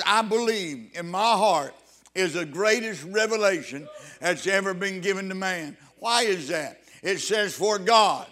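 Fervent male preacher with a high voice, stumbling restarts and loud rising emphasis. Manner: halting with repeated restarts. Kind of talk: sermon.

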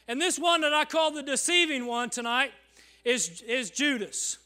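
High, bright-voiced preacher with dramatic swings. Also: male voice, normal speed. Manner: dramatic swings from loud calls to hushed near-whispers; acts out congregants in quoted voices, asks the crowd "Amen?". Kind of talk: sermon. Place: church service.

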